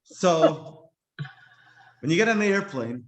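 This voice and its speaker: A man teaching a class, reflective and slowing to stress key words. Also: high voice, sing-song, roomy sound. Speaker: Jewish teacher. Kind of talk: explanatory class talk.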